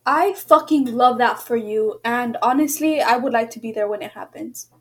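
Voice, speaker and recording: A woman's voice: fairly high pitch, moderate pace. A young woman co-hosting a casual chat, reading out questions in a playful, teasing way.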